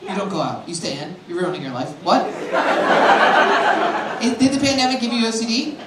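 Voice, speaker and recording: A woman's voice: mid-range voice, very animated, a little fast, heavy background noise. Brash woman comic in a roomy club. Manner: brash, crude and blunt. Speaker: stand-up comedian. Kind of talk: stand-up set with crowd work. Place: comedy club stage with a laughing audience. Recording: roomy live club recording from far off.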